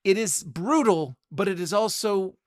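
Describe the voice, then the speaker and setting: A middle-aged man hosting a casual podcast, talking through ideas in an animated way and often repeating words as he thinks. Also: sits high, unhurried. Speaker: podcast host. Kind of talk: casual spoken commentary.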